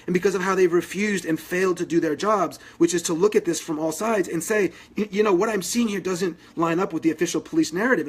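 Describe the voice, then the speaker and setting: A man's voice: high voice, husky. A man hosting a live video, making an impassioned, urgent appeal to his viewers, with many fillers and restarts. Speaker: activist livestream host.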